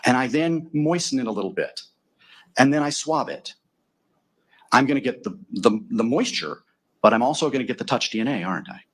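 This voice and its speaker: A man with a husky, slightly breathy voice cross-examines a witness in a courtroom. He presses methodically, closing his points with leading tag questions. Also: mid-range voice, animated, fairly quick. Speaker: defense attorney.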